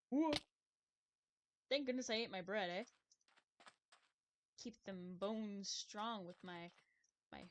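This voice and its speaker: A woman's voice: mid-range voice, slight background noise. A woman streamer chatting casually while she plays a game, rambling, laughing often and cutting herself off to restart her sentences. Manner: rambling, chatty, giggly, many self-interrupting restarts. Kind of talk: casual live-stream chat while gaming.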